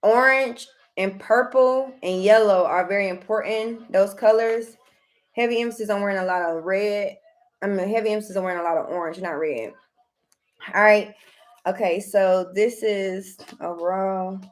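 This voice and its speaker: A woman talks through a tarot reading in a loose, chatty way. She keeps circling back to the same stock phrases and now and then lifts into bright bursts of excitement. Her voice sits at an ordinary middle pitch. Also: moderate pace. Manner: chatty, repeats "heavy emphasis" and "okay", bursts of excitement. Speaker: tarot reader. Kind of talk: casual tarot reading to camera.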